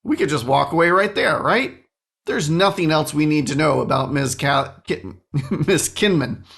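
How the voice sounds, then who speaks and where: A man hosting a solo podcast, telling a story in an animated, self-mocking way into a studio microphone. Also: a little high, measured pace, vocal fry. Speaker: podcast host.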